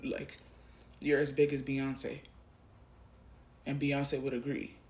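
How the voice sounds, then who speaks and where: A man's voice: mid-range voice, monotone, takes it slowly, slightly rough. A man giving a collective tarot reading straight to the viewer, impassioned and emphatic, repeating phrases, swearing, and sometimes dropping to a whisper. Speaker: tarot reader.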